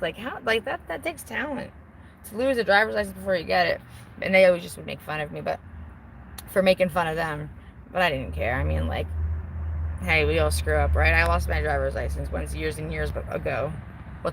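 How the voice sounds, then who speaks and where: A woman's voice: lowish voice, fairly bright tone, low-quality recording. A middle-aged woman rambles through viewer comments outdoors, talking in a loose, self-mocking way. She swears casually and laughs at herself, and there is a faint hum of background noise behind her voice. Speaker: vlogger reading viewer comments. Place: outdoors on a porch while smoking.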